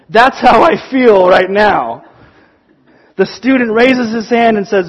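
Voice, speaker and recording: A man preaching a sermon, telling stories in an animated way and acting out the quotes. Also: high voice, slow pace, poor audio. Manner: animated storytelling, acts out quotes. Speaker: pastor.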